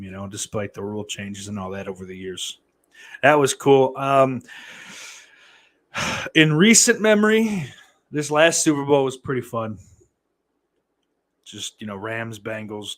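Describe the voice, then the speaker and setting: Hosting a live podcast stream and reading from the chat, this man has a lowish voice with a fairly bright tone. His talk is casual and sardonic, peppered with profanity and mock threats.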